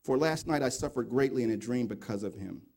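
A male pastor preaching a sermon, with a gravelly, dark and mellow voice. He reads scripture aloud and comments on it. He swings between loud, emphatic remarks and low, quiet reading. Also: lively intonation, brisk.

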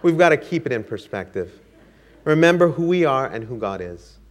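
A man's voice: medium pitch, big pitch swings, moderate pace. Brief: male preacher, earnest sermon delivery, rhythmic and exhorting.

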